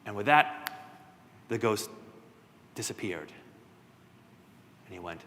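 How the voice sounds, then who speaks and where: A man telling a children's story at a worship service, playful and lively, with asides to his listeners. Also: on the low side, takes it slowly, pauses often, a little hiss or hum. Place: church sanctuary. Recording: long church reverb.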